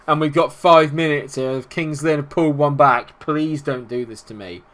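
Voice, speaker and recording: A young man casually commenting on his football management game, getting excitable and shouting at big moments. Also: on the high side, normal speed. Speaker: gaming YouTuber.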